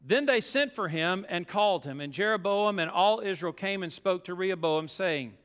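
High, bright-voiced preacher in a hall. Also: male voice, animated, normal speed, hardly any pauses, clean tone. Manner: reads scripture aloud then preaches with emphatic asides. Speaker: pastor. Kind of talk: sermon.

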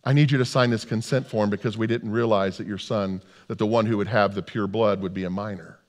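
A man playing a quiet, insistent doctor. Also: fairly low pitch, fairly even intonation, fairly quick, lightly acted. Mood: urgent. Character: calm, insistent male doctor. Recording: long hall reverb.

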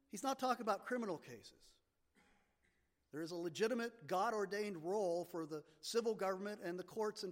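A man with a high voice preaches a sermon and hits his key words hard. His voice rings out in the long reverb of a church sanctuary. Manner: emphatic teaching, stressing key words. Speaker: pastor. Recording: long reverb of a large hall.

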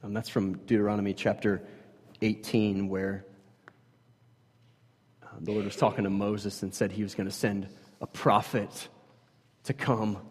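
Husky-voiced preacher in an echoing hall. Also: male voice, lowish voice, flat delivery, a little slow, pauses often. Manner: conversational, thinking aloud with fillers and asides. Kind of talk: expository sermon with scripture reading. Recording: long reverb of large hall.

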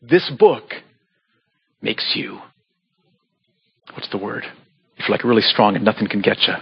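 A man preaching a sermon as pastor, earnest and pleading, with sudden animated bursts. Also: lowish voice, normal speed, creaky, long pauses, slightly rough, lo-fi sound. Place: church sanctuary.

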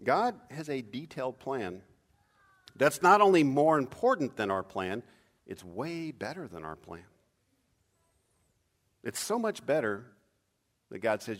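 Animated male preacher. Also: moderate pace, long pauses. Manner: animated preaching, acts out cries with sudden loud high bursts. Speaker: pastor. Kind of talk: sermon.

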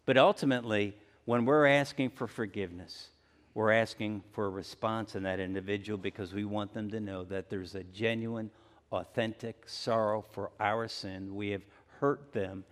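A male pastor preaching a conversational sermon, acting out everyday apologies in lively asides. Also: on the low side, moderate pace, big-room sound. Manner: conversational, acts out everyday apologies with rising energy.

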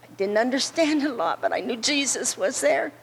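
A woman telling an earnest story as a friend at a memorial service, repeating words slowly for weight. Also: sits high, animated, slight background noise, low-quality recording. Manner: earnest, slow and repetitive storytelling. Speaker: friend giving a tribute.

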